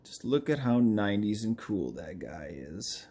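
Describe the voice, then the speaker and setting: A man's voice: on the low side, big pitch swings, measured pace, warm tone, slight background noise. A man chatting casually and animatedly while drawing, often slipping into playful impressions of game characters. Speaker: artist streaming a live drawing session.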